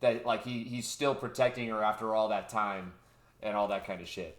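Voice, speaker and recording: A man co-hosting a podcast in casual chat, excitable and swearing often as he retells scenes. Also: fairly low pitch, moderate pace, reverberant. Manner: excitable, swears a lot, acts out scenes in funny voices. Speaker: podcast co-host.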